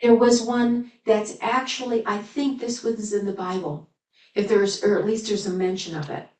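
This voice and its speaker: A woman's voice: mid-range voice, fairly even intonation, moderate pace, darkish tone. Woman reading scripture in an echoey hall. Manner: reads old scripture aloud, then breaks in with chatty asides and giggles. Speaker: spiritual teacher. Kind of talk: sermon reading scripture with commentary. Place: spiritual center service room. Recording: echoey room, voice from far off.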